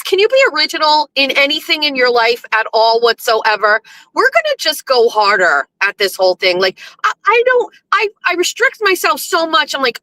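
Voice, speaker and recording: A woman hosting her own show, ranting in a sarcastic, mocking way and sometimes breaking into yelling. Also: a little high, very animated, normal speed, dry recording, rough recording. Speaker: show host. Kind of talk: casual ranting monologue.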